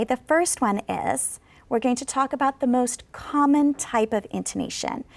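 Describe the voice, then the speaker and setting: Woman ESL professor, slightly high and gravelly, patient classroom delivery. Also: a little mellow. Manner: slow, exaggerated model sentences for students to repeat; patient, instructive. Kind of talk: classroom video lesson. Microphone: studio microphone.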